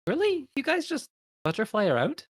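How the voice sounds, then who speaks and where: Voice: high-pitched, huge pitch swings, normal speed, slightly rough, exaggerated voice. Brash, snappy young woman, as a player voices her. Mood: sarcastic. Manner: sarcastic and snappy.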